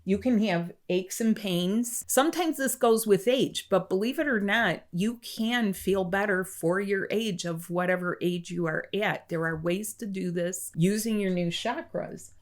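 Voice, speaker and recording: A woman energy healer speaking straight to the listener, asking a string of questions in a calm, measured way. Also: medium pitch. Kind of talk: direct-to-camera wellness talk.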